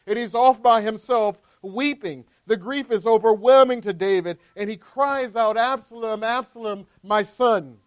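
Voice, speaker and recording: High-voiced man preaching a sermon. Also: moderate pace, few pauses, smooth. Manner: conversational preaching, frequent "right?" tags. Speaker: pastor.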